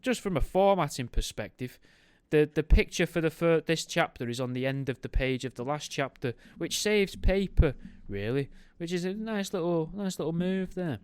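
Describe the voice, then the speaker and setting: A man's voice: fairly high pitch, smooth, dry recording. A man hosting a podcast, reading a history book aloud and breaking off into wry, joking tangents. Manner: wry, goes off on tangents, makes jokey asides while reading. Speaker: podcast host.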